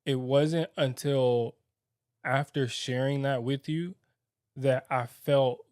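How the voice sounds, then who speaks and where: Man, young adult, podcast co-host, candid and halting, filler-heavy, mid pitch, dry sound. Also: fairly even intonation, a little mellow, clear, resonant tone, dry recording. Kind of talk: candid married-couple conversation.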